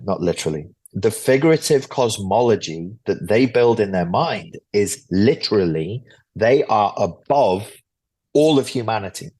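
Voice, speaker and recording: A man's voice: on the low side, lively intonation, moderate pace, hardly any pauses, a little mellow, husky. A man, a guest author, explaining a psychology topic in an interview in a blunt, lecture-like way, swearing freely.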